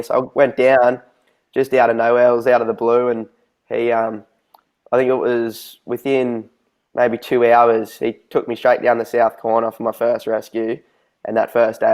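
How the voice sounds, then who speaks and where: Monotone young man telling a story. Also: mid-range voice. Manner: relaxed, rambling, monotone. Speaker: lifeguard guest. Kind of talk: casual storytelling.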